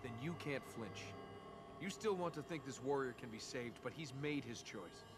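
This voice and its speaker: A man's voice: medium pitch, lively intonation, moderate pace, noisy background, natural voice. A man voicing a grim young game warrior. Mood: resolute. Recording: game audio from afar under loud music. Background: game music.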